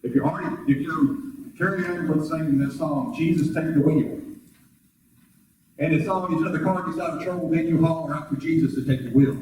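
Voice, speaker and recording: A man preaching from a pulpit in a big, echoey church hall, his voice mellow and a little distant from the mic. He talks in a loose, conversational way, checks in with the congregation through rhetorical questions, and his voice leaps up when he plays out quoted voices. A faint hum of room noise sits behind him. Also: moderate pace. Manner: acts out quoted voices with sudden high pitch jumps. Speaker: pastor. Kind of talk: sermon. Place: church sanctuary.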